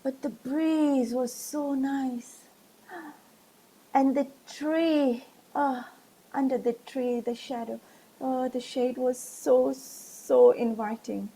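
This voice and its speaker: Animated lady telling a kids' story, lots of gasps, high pitch, takes her time. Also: takes it slowly, slightly rough. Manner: animated, gasping, asks listeners to join in. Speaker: children's storyteller. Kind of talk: online storytelling for children.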